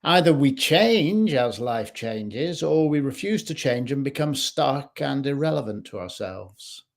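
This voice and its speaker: Slow, gravelly-voiced male life coach. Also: mid-range voice, animated. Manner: slow, measured, with pauses. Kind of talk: reflective talk to camera. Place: home kitchen.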